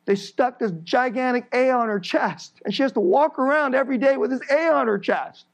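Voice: sits high, fairly quick, creaky, muffled recording. A preacher giving an emphatic sermon, building through repeated phrases and laughing briefly between points.

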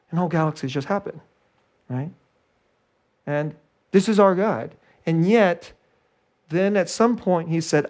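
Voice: measured pace, long pauses. A preacher delivering a sermon, repeating and restarting phrases and chuckling between points. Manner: animated, swinging from loud high emphasis to hushed low delivery.

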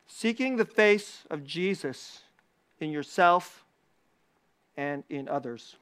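A preacher with a weekly video channel gives a casual, animated sermon, repeating key phrases and laughing often. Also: mid-range voice, takes it slowly, smooth.

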